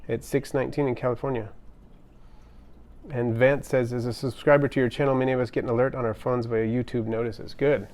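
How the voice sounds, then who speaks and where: A man's voice: medium pitch, level tone, a little fast, a little mellow. A man hosting a casual pet livestream from home, chatting upbeat with viewers and reading their comments aloud with frequent ums and restarts. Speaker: livestream host. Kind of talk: casual live-stream chat, reading comments. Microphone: camera on tripod.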